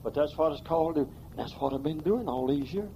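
A man's voice: fairly high pitch, fast, dark tone, slight background noise. A man preaching a sermon in a church, emphatic and folksy, with plain rural grammar. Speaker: pastor.

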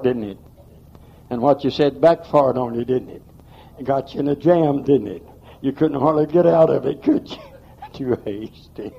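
A man's voice: mid-range voice, creaky, warm tone, highs cut off. A man preaching a sermon in a church, emphatic and folksy, with plain rural grammar. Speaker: pastor.

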